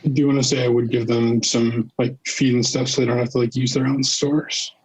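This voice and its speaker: A man's voice: mid-range voice, level tone, brisk, darkish tone, husky, poor audio. A man playing a tabletop game, chatting offhandedly. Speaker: player. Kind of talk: casual tabletop play.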